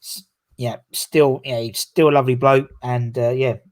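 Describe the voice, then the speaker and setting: A man hosts the chat in an easygoing, agreeable manner, with a mid-pitched voice. He often backs up his guest with short agreements before adding his own stories. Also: fairly even intonation, normal speed. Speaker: podcast host. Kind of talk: casual chat.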